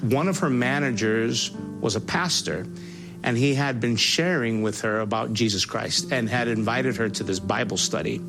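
A man giving a spoken personal testimony, halting and earnest, with many restarts and fillers. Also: mid-range voice, over music. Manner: voice rises sharply when reliving angry moments.

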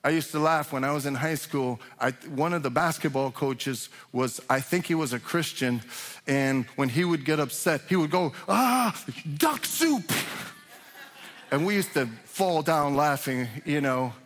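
A male pastor delivers a conversational sermon, often restarting his sentences and then swelling for emphasis. His voice sits a little higher than most men's. The sound carries a long reverb from a large sanctuary. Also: moderate pace, a bit bright. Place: church sanctuary.

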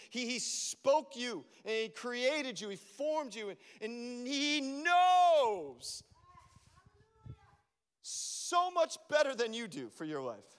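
A man preaching a sermon as a pastor, animated and acting out his own prayers to God. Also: very high voice, clear, resonant tone. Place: church. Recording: long reverb of a church hall.

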